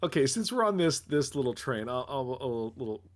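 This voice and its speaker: A man's voice: medium pitch, very animated, brisk. A man with an American accent, co-hosting a podcast, rambling and swearing in casual chat. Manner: rambling, swearing, self-interrupting. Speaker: podcast co-host.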